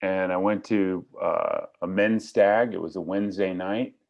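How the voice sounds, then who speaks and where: Gravelly, wry middle-aged man telling his story. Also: low voice, steady tone, measured pace. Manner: wry, self-deprecating, joking storyteller. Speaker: recovery meeting speaker. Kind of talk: personal recovery story told to a meeting. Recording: slightly lo-fi recording.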